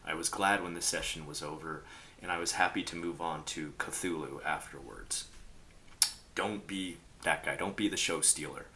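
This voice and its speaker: A man's voice: a bass voice, moderate pace, slight background noise. A man casually telling gaming stories, rambling with lots of fillers and acting out people he quotes. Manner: rambling, filler-heavy, animated quoting. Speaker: role-playing game commentator. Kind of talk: casual storytelling to camera.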